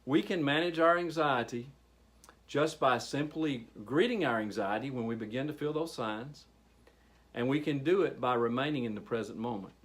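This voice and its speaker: Guy running a training workshop, talking to the group, lively, pauses a lot, normal mid pitch. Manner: animated, addressing a group, with pauses. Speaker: training facilitator. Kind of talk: public speaking workshop presentation.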